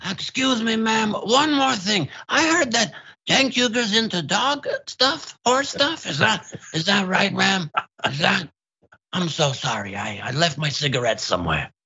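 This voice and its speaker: A man's voice: high-pitched, expressive, measured pace, creaky, sharp tone, slightly rough, muffled recording, voice pushed up, heavily acted. A man doing an impression of a rumpled, polite TV detective who keeps excusing himself. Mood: fumbling, polite. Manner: hesitant, apologetic asides.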